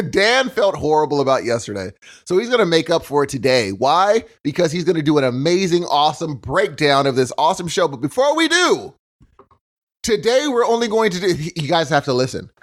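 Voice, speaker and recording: A man's voice: fairly high pitch, fairly quick. A man co-hosting a podcast in casual chat, teasing his partner and laughing as he tells stories. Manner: teasing, laughing, animated storytelling. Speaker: podcast co-host.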